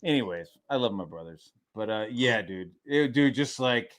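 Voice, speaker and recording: A man's voice: medium pitch, lively intonation, normal speed. A middle-aged man co-hosting a casual talk show, telling rambling, profane stories with lots of fillers. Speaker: podcast co-host. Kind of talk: casual chat.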